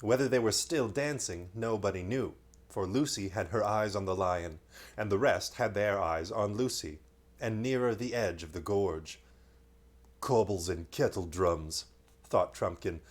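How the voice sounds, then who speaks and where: A man's voice: on the low side, moderate pace. A man reading a bedtime story aloud, breaking off now and then for playful joking asides.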